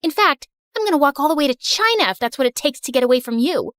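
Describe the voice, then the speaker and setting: An exasperated, embarrassed teenage girl in an animated story, voiced by a woman, pitched high and bouncing with lively swings. The delivery is dry and close to the mic. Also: fast talker, no echo. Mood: angry. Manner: exasperated, pleading. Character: embarrassed teenage girl, upset with her mother.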